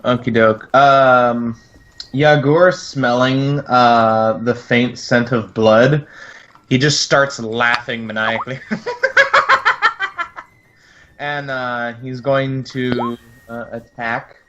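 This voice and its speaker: A man's voice: mid-range voice, steady tone, takes it slowly, a bit bright. A man playing in a tabletop role-playing game, describing his character's moves hesitantly with many fillers. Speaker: player. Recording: dull lo-fi sound.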